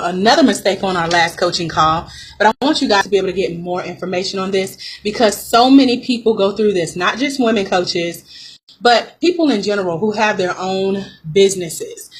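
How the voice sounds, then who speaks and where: Upbeat woman coaching over a live call. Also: medium pitch. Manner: upbeat, greets viewers by name. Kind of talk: live-stream coaching talk. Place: home office with a fan running. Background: fan hum and distant thunder.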